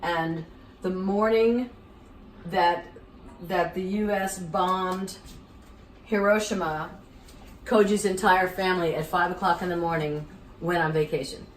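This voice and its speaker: A woman's voice: on the low side, measured pace, pauses often, slight background noise. Middle-aged female host, theatrical storyteller, roomy distant sound. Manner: acts out voices in her anecdote, lively and theatrical. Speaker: cooking show host. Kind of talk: animated storytelling. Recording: echoey room, voice a bit off-mic.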